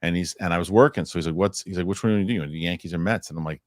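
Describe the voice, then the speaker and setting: A man with a deep voice talks very fast as co-host of a live entertainment news show, reading news and cracking jokes amid animated, rambling asides. The studio-quality recording has no echo.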